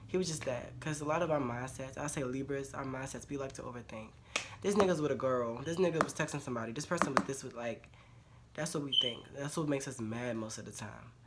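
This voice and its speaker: Blunt, slangy vlogger over background noise. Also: medium pitch. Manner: blunt, emphatic, repeats phrases for stress; informal slangy speech with swearing. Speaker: vlogger giving relationship advice. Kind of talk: casual advice monologue to camera.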